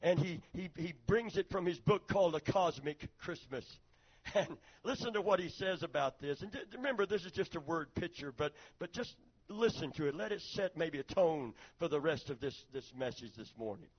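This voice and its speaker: Man pastor preaching, high voice, muffled lo-fi sound, lots of amens. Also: animated, moderate pace, breathy edge. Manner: preaching with call-and-response, reads a story aloud dramatically. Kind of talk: sermon.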